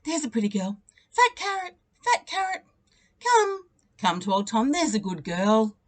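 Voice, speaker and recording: A woman reading a storybook aloud, voicing an old male farmer who softly croons and coaxes his cow in a sing-song voice. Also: on the high side, big pitch swings, unhurried, pitched above the performer's own voice. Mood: coaxing.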